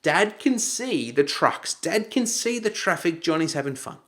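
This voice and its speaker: Male coach, animated teaching delivery, acts out shouted examples. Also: fairly high pitch, measured pace. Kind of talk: teaching talk with acted examples.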